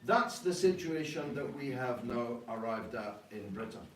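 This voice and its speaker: A man leading a political party, answering an audience's questions in emphatic, rhetorical talk broken by frequent "uh" pauses. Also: mid-range voice, expressive. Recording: echoey room, distant mic, faint noise.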